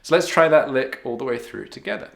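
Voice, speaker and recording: A man of middling pitch teaches harmonica licks patiently, one step at a time. He counts the beats aloud as he walks through each lick. His voice carries a roomy echo. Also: a little fast, creaky. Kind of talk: step-by-step music lesson.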